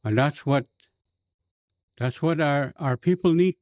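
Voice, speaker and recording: A man with a Cree accent, a bishop telling a personal story in a slow, halting way with many fillers and restarts. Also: a little high, a little mellow, no room sound. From Canada.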